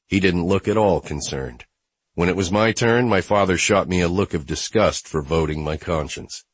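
Deep husky male audiobook narrator. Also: moderate pace, no room sound. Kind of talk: first-person novel narration.

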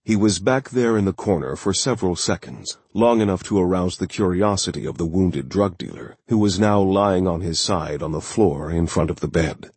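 A man narrating a thriller audiobook in a steady, measured way. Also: deep voice, breathy edge, no room sound.

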